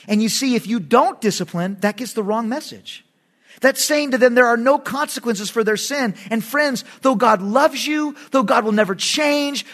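A middle-aged man, a pastor preaching a sermon in an animated, emphatic way, with sudden loud bursts. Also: sits high.

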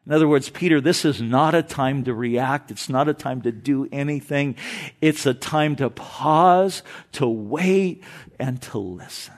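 A man preaching an expository sermon, retelling Bible stories in an animated, casual way. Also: medium pitch, a little slow. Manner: animated storytelling, paraphrases Bible figures casually. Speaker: pastor.

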